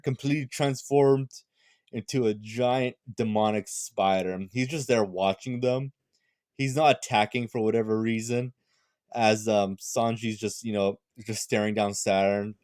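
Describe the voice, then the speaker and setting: A tired young man reviewing a manga chapter in a casual, rambling chat, full of fillers and quick restarts. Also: fairly low pitch, a little mellow, dry recording, clean studio sound.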